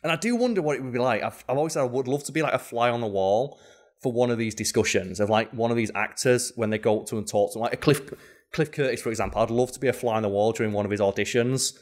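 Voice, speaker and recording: A man co-hosts a podcast, talking fast in a mid-range voice. His casual chat rambles, packed with fillers and restarts.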